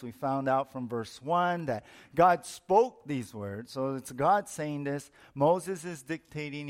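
A middle-aged man, a pastor, preaching a sermon in an explanatory teaching manner, repeating his points for emphasis. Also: fairly high pitch.

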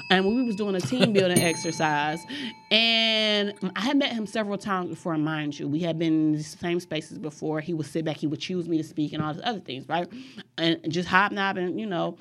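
A young adult woman on a podcast, chatting casually and telling an animated story, swearing freely. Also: on the low side. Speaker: podcast guest.

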